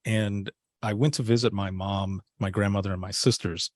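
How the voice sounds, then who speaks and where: A man's voice: lowish voice, steady tone, moderate pace, dry recording. A man telling a personal story in a casual interview, acting out the dialogue he quotes. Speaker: podcast guest, former dispatcher.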